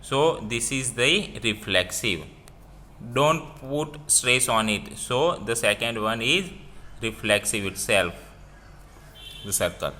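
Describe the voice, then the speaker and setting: A man teaching a grammar lesson, explaining slowly and repeating each example with phrasing. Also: mid-range voice, lively intonation, sharp tone, slight background noise. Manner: slow, repetitive explaining with non-native phrasing.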